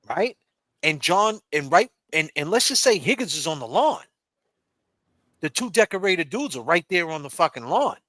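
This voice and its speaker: A man's voice: a little high, sharp tone, no echo. A man hosting a livestream, talking in a heated, profane, riffing way and taunting mockingly. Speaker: livestream host. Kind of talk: casual heated chat.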